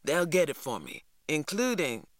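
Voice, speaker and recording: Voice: medium pitch, wildly swooping pitch, moderate pace, no room sound, studio quality. A reader voicing a bragging teenage boy. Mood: boastful. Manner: bragging, wheedling, loud. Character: boastful show-off teenage boy, needy and brash.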